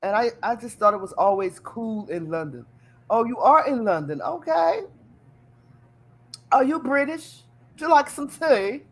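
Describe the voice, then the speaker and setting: A woman hosting a casual live chat show, animated and teasing, laughing often as she talks. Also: fairly high pitch, unhurried, pauses often, breathy edge. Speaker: talk show host.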